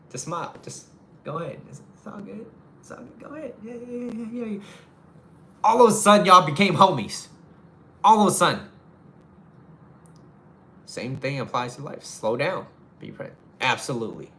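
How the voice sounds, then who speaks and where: A man's voice: medium pitch, bright, forceful tone, a little hiss or hum. A man giving casual relationship advice to a live audience, talking frankly, swearing casually and repeating his phrases.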